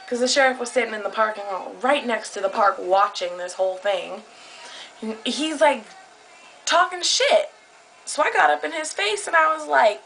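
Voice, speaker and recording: A woman's voice: on the high side, normal speed, fairly bright tone, slight background noise, poor audio. A young woman telling a heated story into her camera, agitated and swearing a lot. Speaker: vlogger. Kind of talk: casual vlog storytelling. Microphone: camera close up.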